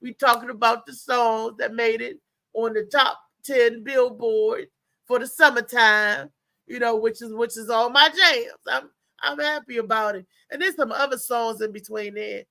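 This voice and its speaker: A woman from Maryland hosting a live show, telling a story in a chatty, animated way and talking straight to her listeners. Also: fairly high pitch, normal speed, gravelly, dry recording. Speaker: show host.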